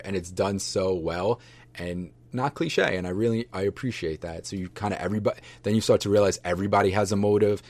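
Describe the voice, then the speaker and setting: Very deep-voiced man rambling casually. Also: steady tone, quick pace. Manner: rambling, loose, full of fillers and restarts; enthusiastic, affectionate toward viewers. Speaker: vlogger reviewing books and movies.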